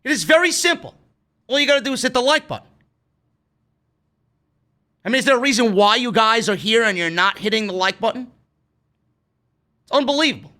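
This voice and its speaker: A man's voice: extremely high pitch, bright, forceful tone. Brash, profane New man ranting. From New York. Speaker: wrestling show reviewer, podcast host. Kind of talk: livestream rant, casual chat. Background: faint music.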